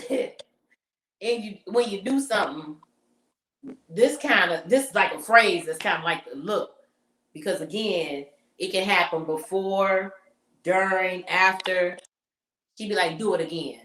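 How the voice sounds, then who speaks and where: A woman's voice: mid-range voice, slow pace, long pauses, a bit bright, roomy sound. A woman co-hosting a podcast, talking casually and leading the segment. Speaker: podcast co-host. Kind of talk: casual chat.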